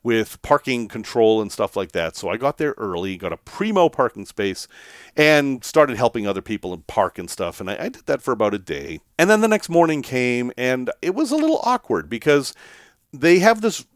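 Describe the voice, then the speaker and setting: A man's voice: medium pitch, sing-song, normal speed, no room sound, clean studio sound. A man casually telling a story to his camera, chatty and self-deprecating, laughing now and then. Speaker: van life vlogger.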